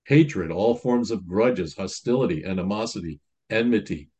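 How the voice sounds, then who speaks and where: Lower-voiced man preaching conversationally. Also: normal speed, warm tone, slightly rough. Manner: conversational teaching, reading quotes aloud. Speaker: priest. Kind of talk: sermon.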